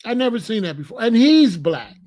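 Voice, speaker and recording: A man hosts a reaction commentary, arguing through a string of rhetorical questions. His voice sits high with big pitch swings, fairly quick and a little mellow.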